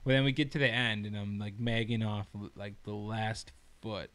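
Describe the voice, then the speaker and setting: A man's voice: lowish voice, level tone, normal speed, a bit bright. A young man co-hosting a podcast, telling work stories in a rambling casual way with lots of filler words and laughter. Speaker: podcast co-host. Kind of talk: casual storytelling chat.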